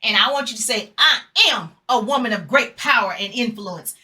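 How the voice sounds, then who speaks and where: A woman's voice: fairly high pitch, lively intonation, normal speed, pushed and bright. A middle-aged woman giving an emphatic motivational talk, leading her audience in repeated call-and-response affirmations. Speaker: motivational speaker.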